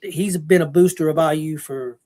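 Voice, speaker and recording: A middle-aged man leads a casual sports talk show in a somewhat high voice. He talks emphatically and often stammers and restarts his sentences. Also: moderate pace, darkish tone.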